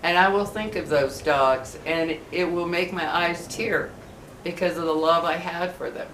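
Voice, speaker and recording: Earnest halting woman in an echoey room. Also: on the low side, steady tone. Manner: halting, with many restarts and soft earnest asides. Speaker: vlogger speaking to viewers. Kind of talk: heartfelt personal talk to camera. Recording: echoey room with faint background hum.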